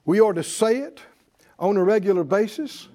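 A man's voice: sits high, lively intonation, normal speed, mellow. A man preaching a sermon to a congregation, calling out questions and repeating key phrases for emphasis. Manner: call-and-response preaching, emphatic repetition. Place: church with congregation.

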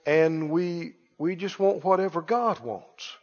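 A man putting on the soft, soothing voice of a resigned, pious preacher, lower and quieter than his own voice. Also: slow. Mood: hushed pious. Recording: long church reverb, dull lo-fi sound.

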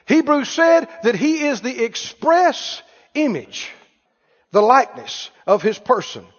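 Man preaching a sermon, emphatic, high lively voice, long hall echo, muffled lo-fi sound. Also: takes it slowly. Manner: emphatic, with call-and-response questions to the congregation.

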